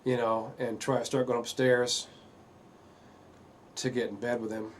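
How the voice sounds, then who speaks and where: A man speaks in a middle-pitched voice, recounting a painful family episode. He is earnest and halting, with frequent fillers. A faint hiss sits under the recording. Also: level tone. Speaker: father telling his family story. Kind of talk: personal testimony.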